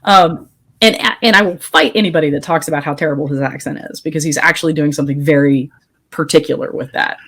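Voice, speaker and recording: A low-pitched woman co-hosting a podcast, talking casually and firmly. She speaks in quick, opinionated bursts and often restarts her sentences. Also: a bit bright. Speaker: podcast co-host. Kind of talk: casual chat.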